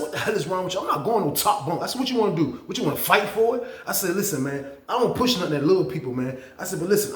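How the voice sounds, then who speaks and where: A man hosting a casual storytime, animated and profane, talking straight to his viewers. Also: a little high, roomy sound. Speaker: storytelling channel host. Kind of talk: casual storytime about prison.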